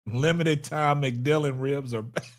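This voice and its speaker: Laughing so hard he's in tears, a man hosting a live stream whoops between casual comments to his chat. His voice is mid-range, steady in tone, and unhurried.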